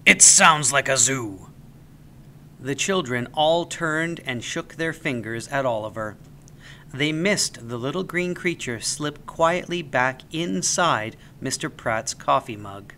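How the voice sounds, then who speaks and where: Man, storybook narrator, bright voice, animated reading, faint hiss behind. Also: medium pitch, a little slow. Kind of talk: children's story read aloud.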